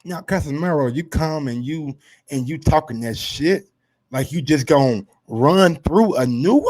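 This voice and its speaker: A man hosting a casual sports commentary show, brash and profane, swinging from low asides to loud heated rants. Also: measured pace.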